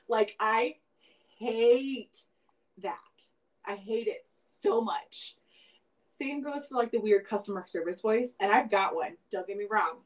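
Animated woman podcast co-host. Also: fairly high pitch, unhurried, poor audio. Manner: animated, laughs often, swears. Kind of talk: casual podcast chat.

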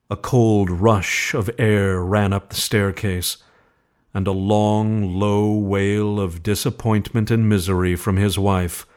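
Low-voiced man reading a ghost story. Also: a little mellow. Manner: slow, measured, suspenseful reading. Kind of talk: scripted horror story narration.

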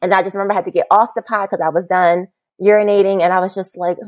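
A woman in an interview telling a personal story in a casual, animated way, acting out the people she quotes. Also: quick pace, hardly any pauses, dry recording. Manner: animated, acts out quotes with big pitch jumps and laughs. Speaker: podcast guest, massage therapist.

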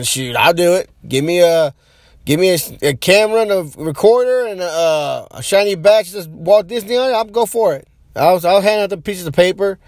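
A man's voice: high voice, darkish tone, a little hiss or hum. A man hosting a podcast, rambling loosely in casual chat and talking straight to his listeners. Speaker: podcast host.

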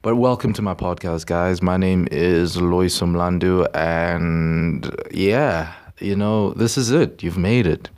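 Young guy, podcast host, very low voice, rambling and excitable. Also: takes it slowly, hardly any pauses, clean tone. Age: young adult. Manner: rambling, excitable, repeats words. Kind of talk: casual podcast monologue.

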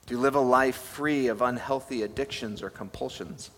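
A man's voice: medium pitch, normal speed. A young male pastor giving a conversational, self-deprecating sermon and putting questions to his listeners. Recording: reverberant hall with faint ambience.

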